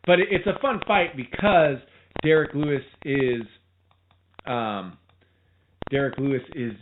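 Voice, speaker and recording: Animated man rambling on a tinny line. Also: mid-range voice, a little slow. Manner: rambling, animated, restarts often. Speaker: podcast co-host. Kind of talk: casual sports chat. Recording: tinny phone-like line with faint noise.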